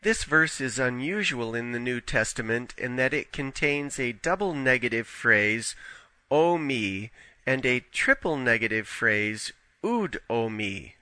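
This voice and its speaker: Slow, bright-voiced man reading scripture study. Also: medium pitch, lively intonation, dry recording. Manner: measured, deliberate reading with careful quotations. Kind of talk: scripted narration.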